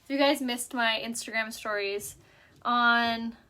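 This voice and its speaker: Hosting a laid-back makeup stream at home, this young woman from San Diego, California, speaks unhurriedly in a slightly high, sharp voice with a steady tone. She rambles chattily and uses "like" constantly.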